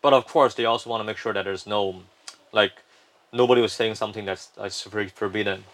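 A man's voice: fairly low pitch, steady tone, brisk, a bit bright. A man, a company founder, explaining his firm at length in a casual interview, often restarting sentences.

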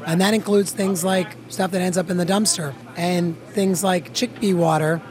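High-voiced chef in a kitchen. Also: male voice, steady tone, normal speed. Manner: earnest, explanatory. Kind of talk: interview answers. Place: busy restaurant kitchen.

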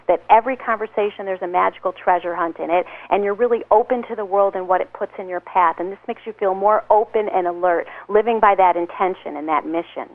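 A woman author giving enthusiastic advice in an interview, speaking over the phone. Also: mid-range voice. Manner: enthusiastic, acts out little scenes. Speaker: author and guest. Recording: tinny phone line.

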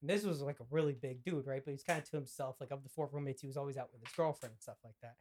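A man's voice: mid-range voice, rapid-fire, darkish tone, a little hiss or hum. A young man co-hosting a podcast, telling a story casually, acting out the quoted lines, laughing and swearing as he goes. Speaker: podcast co-host.

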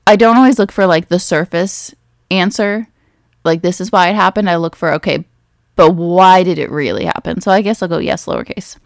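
A young woman talks her way through a quiz in a relaxed, chatty vlog, doubting her answers and laughing at herself. Her voice sits on the low side with a bit of vocal fry, and the recording is close and dry. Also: no room sound. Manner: chatty, self-deprecating, thinks aloud. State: pregnant. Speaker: vlogger. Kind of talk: casual chat.

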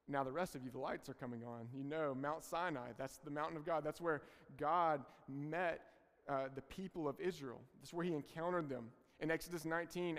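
A man's voice: fairly high pitch, big-room sound. A man preaching a sermon to a congregation, earnest and direct in his address. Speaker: pastor.

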